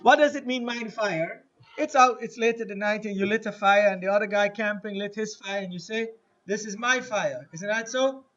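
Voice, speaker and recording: A man teaching an Arabic lesson to a class, drilling phrases slowly and having students repeat. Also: high voice, fairly bright tone, lo-fi sound. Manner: slow, deliberate drilling with repetition to the class. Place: mosque classroom.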